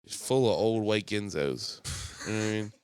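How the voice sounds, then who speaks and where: A man's voice: lowish voice, measured pace, darkish tone, clear, resonant tone. A man co-hosting a podcast in a casual, rambling chat, laughing often and joking. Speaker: podcast co-host. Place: room with co-hosts.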